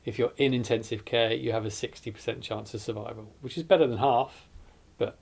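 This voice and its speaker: A man's voice: medium pitch, steady tone, fairly quick, vocal fry, a little mellow. A man, earnestly recounting his hospital ordeal in a documentary interview, often correcting himself as he goes. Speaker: survivor telling his story.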